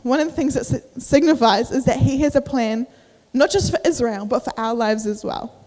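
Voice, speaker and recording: A young woman with a slightly high, somewhat mellow voice speaks at a normal pace while she preaches casually at church. As a youth preacher she chats with lots of fillers, acts out inner voices, and sounds a bit breathless. Her words echo around the church hall.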